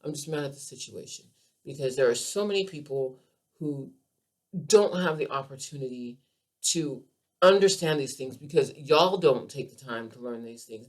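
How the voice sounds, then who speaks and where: A woman hosting her own podcast as a keto coach, giving a passionate health monologue in an emphatic, animated way and repeating phrases for emphasis. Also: extremely low pitch, unhurried.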